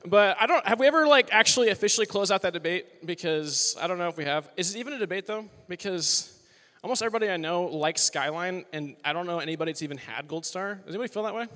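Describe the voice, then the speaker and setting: A man's voice: high-pitched, animated, quick pace, fairly bright tone. A man in his twenties, a worship leader preaching a casual, joking sermon to college students, chatty and upbeat with lots of "like" and "you know.". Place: large worship hall with live audience. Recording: long hall reverb.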